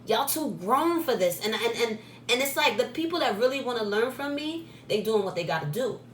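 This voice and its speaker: A woman's voice: fairly high pitch, expressive, brisk. Blunt, scolding woman vlogger. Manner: blunt, scolding, repeats herself for emphasis. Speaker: spiritual shop owner and channel host. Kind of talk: casual direct-to-camera vlog. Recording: echoey room, faint background noise.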